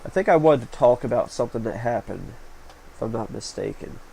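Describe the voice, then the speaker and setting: A man's voice: medium pitch, expressive, a little fast, gravelly, dark tone, low-quality recording. A man narrating his own vlog footage in a rambling, casual way, with lots of fillers. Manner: rambling, chatty, many fillers. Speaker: vlog host. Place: small hot room with a fan running. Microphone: home recording setup. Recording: faint fan noise.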